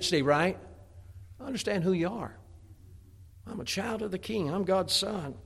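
A man's voice: sits high, expressive, a little slow, creaky, fairly bright tone, breathy edge. A middle-aged man preaching a sermon in a folksy way, often restarting with stammered repeats. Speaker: pastor.

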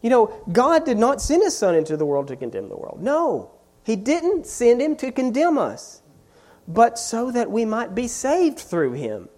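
A preacher delivering a sermon at an unhurried pace, leaning hard on repeated phrases. The voice swoops up and down with lively, animated pitch, pressing each point home with growing force. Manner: emphatic, repeats key phrases with rising force. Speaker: pastor.

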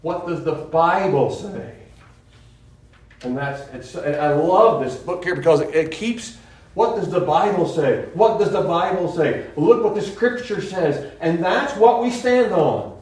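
A man's voice: high-pitched, expressive, measured pace, a little mellow. A man preaching a sermon in an earnest, rambling way, often restarting his sentences. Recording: very echoey room, voice from far off mic.

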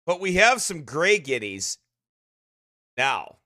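A man's voice: fairly high pitch, sing-song, slow, sharp tone, dry recording, clean studio sound. A man, a pastor, chatting casually on a livestream, laughing often and in a goofy mood, his voice slightly strained.

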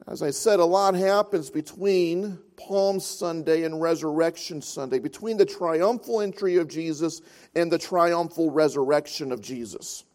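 A man's voice: high voice, darkish tone. A man preaching a sermon as pastor of a church, telling stories with frequent filler sounds.

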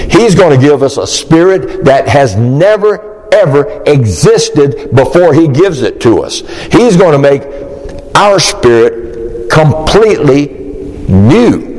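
A man preaching an expository sermon, emphatic and animated, acting out the disciples' questions. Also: mid-range voice, slow, long reverb tail, low-quality recording.

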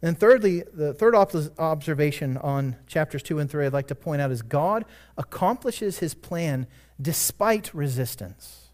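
A man's voice: on the high side, lively intonation, measured pace, a little mellow. A man preaching a sermon, earnest and conversational, rising to emphatic peaks and dropping into casual asides. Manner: conversational asides and self-corrections. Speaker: pastor.

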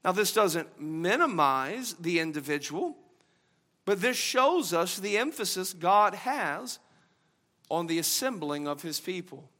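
A man pastor preaching a sermon, moving between quiet, low-key teaching and loud, emphatic preaching, and repeating key phrases for emphasis. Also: big pitch swings, measured pace.

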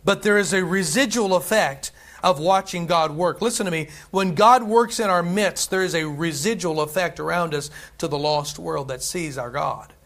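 A man's voice: a little high, normal speed, fairly bright tone. A male pastor preaching a sermon in a conversational way, repeating phrases and often adding "right?" and "amen".

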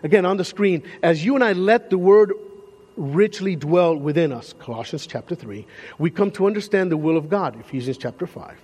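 Pastor guy preaching in a big echoey church, kinda high voice, lively and chatty. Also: moderate pace, slightly rough. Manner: animated, conversational preaching with repeated restarts. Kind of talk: sermon. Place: church sanctuary.

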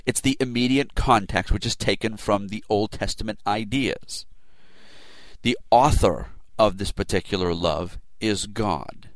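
A man with a fairly low voice delivers expository Bible teaching, leaning hard on key words and slowing down to stress them. The sound is dry and close, with no room around it. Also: no echo. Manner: deliberate, emphatic, stresses single words.

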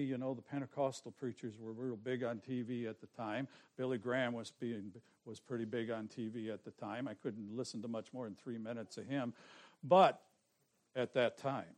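A man preaching a sermon, telling his own testimony in an earnest way that swings from soft, hushed passages to forceful ones. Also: medium pitch, normal speed.

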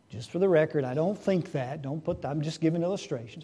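A man preaching a sermon to his congregation, asking rhetorical questions and swinging between hushed and loud delivery. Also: fairly high pitch, fast talker, hardly any pauses, husky.

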